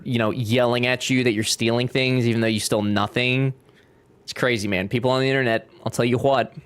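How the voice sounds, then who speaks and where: A young man chatting casually while streaming a game, joking and reading chat aloud. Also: medium pitch. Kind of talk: casual gameplay livestream chat.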